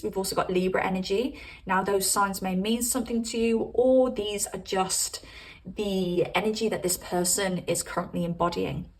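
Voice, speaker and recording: A woman talks through a pick-a-card tarot reading in a loose, chatty way. She giggles as she muses about what she senses. Her voice sits at a middling pitch and sounds a little distant from the mic. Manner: chatty, giggly, intuitive musing. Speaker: tarot reader.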